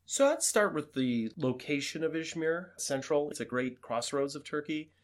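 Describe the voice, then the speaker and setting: A man's voice: fairly high pitch, expressive, normal speed. Matter-of-fact man recapping a trip. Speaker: podcast co-host. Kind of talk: casual travel recap.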